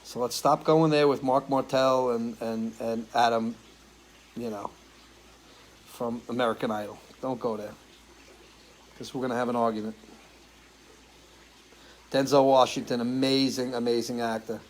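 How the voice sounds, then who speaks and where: A man's voice: medium pitch, steady tone, a little slow, long pauses, poor audio. Chatty man answering viewer comments. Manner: chatty, loose, swears casually. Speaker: singer hosting a live stream.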